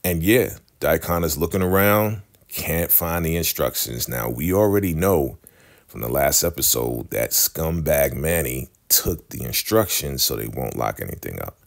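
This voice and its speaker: Very deep, gravelly-voiced man recapping. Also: a little slow. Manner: animated retelling, acts out characters' lines. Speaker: TV recap vlogger. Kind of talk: casual episode recap.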